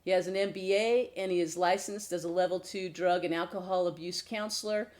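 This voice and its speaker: An older woman who works as a mental health counselor, co-hosting a podcast in a warm, chatty way and introducing her guest. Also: lowish voice, steady tone, fairly quick. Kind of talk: casual podcast chat.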